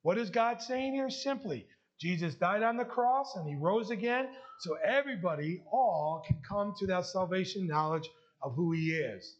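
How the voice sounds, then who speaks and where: A man's voice: high voice, expressive, moderate pace, hardly any pauses, muffled recording. A man preaching a heartfelt sermon and sharing his testimony, emotional at times. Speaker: pastor.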